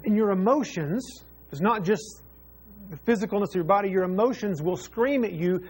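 A man's voice: high voice, animated, normal speed, a little hiss or hum. A man preaching a sermon as pastor, earnest and repeating phrases for emphasis.

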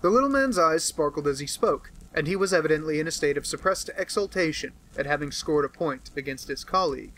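A male narrator reads a classic novel aloud in measured, scripted storytelling. His voice is bright and crisp, pitched slightly above the usual male range. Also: expressive, poor audio. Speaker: audiobook narrator.

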